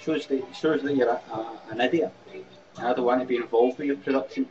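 A man's voice: medium pitch, fairly even intonation, brisk, darkish tone. A Scottish man hosting a live webcam comedy show, mocking and sarcastic, swearing often. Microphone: webcam mic. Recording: dull lo-fi webcam audio.

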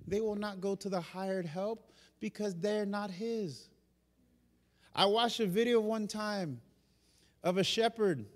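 High-voiced preaching man in a reverberant church. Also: unhurried. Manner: animated preaching, shifting between loud and hushed delivery. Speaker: pastor. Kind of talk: sermon. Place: church sanctuary during a live service. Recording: long reverb of a church hall.

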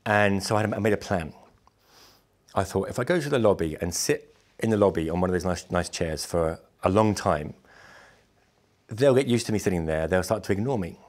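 A man speaks in a somewhat low register and tells travel anecdotes straight to camera. He is wry and lively and often acts out what other people said. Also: fairly quick. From Britain. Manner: wry, amused asides. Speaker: musician recounting travels.

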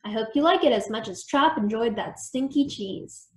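A woman reading a children's storybook aloud in an expressive storytelling manner. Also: fairly high pitch, normal speed. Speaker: storytime reader. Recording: echoey room.

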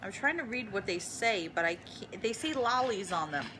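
A woman's voice: medium pitch, lively intonation, moderate pace, noisy background. A woman filming a casual unboxing vlog in her apartment, gushing and emotional over each gift. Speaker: vlogger.

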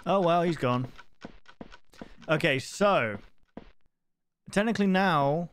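A man's voice: a little high, expressive, slow, a bit bright, a little hiss or hum. Rambling gaming streamer guy. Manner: rambling, easily sidetracked, swears often. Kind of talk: live-stream gameplay commentary.

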